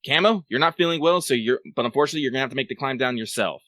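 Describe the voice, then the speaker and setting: A man's voice: mid-range voice, very fast, few pauses, fairly bright tone, no room sound. A man playing a tabletop game, giving orders to the group in a bossy, impatient way and swearing. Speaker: player. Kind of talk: casual tabletop play.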